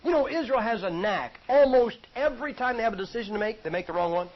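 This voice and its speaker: A man's voice: high voice, lively intonation, quick pace. A man preaching a sermon in a folksy, joking, conversational way. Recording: dull lo-fi recording.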